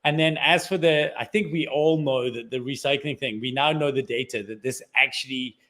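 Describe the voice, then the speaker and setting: A male author interviewed on a radio show, making his points in a direct, opinionated way. His voice sits at an ordinary mid pitch, plain and conversational. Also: moderate pace, bright, forceful tone. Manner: opinionated, argumentative. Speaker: author, guest. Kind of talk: casual interview chat.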